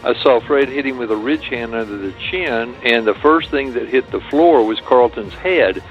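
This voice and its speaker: Older man, storytelling guest, halting and full of hesitations, mid-range voice, narrow tinny phone-line sound. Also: medium pitch, soft background music. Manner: rambling, many hesitations and restarts. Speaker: martial arts guest. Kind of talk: storytelling interview.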